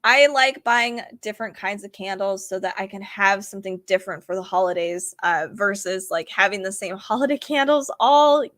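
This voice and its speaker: A young woman casually showing and reviewing a book and a candle, chatty and enthusiastic, a little hoarse from losing her voice. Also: medium pitch, normal speed, few pauses, fairly bright tone. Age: young adult. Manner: chatty, enthusiastic, says "like" and "um" a lot. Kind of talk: casual show-and-tell review.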